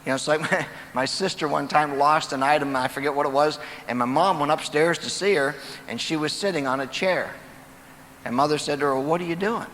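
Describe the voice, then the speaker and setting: A man's voice: a little high, fairly bright tone, slight background noise. A man giving a folksy motivational talk on stage, telling jokes and stories to an auditorium audience. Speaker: motivational speaker. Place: large auditorium. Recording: distant, echoey live hall recording.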